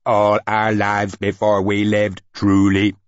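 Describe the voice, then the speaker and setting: A man's voice: on the low side, monotone, no room sound, lo-fi sound, voice pushed up. A man voicing an ecstatic alien ambassador. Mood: fervent. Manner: slow, declamatory, oddly worded. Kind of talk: audiobook character voice.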